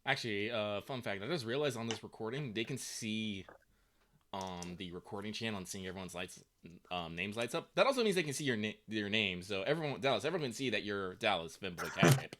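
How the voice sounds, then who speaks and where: A man chatting casually as a tabletop game player, animated and talkative. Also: lowish voice, brisk, a little hiss or hum. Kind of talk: casual chat.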